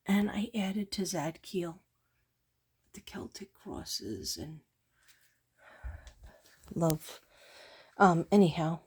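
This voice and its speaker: A tired woman artist talks through her pieces in a casual late-night vlog, her lowish voice drifting along slowly. She meanders from one thought to the next, full of pauses and fillers. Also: darkish tone, husky. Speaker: artist showing her work.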